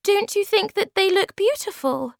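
A woman voicing a small, vain young female creature in a very high, squealing voice. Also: expressive, moderate pace, gravelly, dry recording, studio quality, exaggerated voice.

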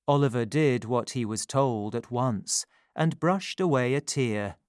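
Slow, calm storybook narrator, a man. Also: mid-range voice, dry recording, clean studio sound. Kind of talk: storybook reading.

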